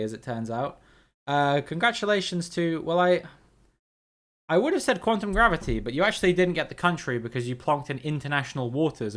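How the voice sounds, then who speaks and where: A man's voice: a little high, fairly bright tone. A man hosting a casual live stream of a geography guessing game. He chats with viewers, reads their names out, laughs easily and swears now and then.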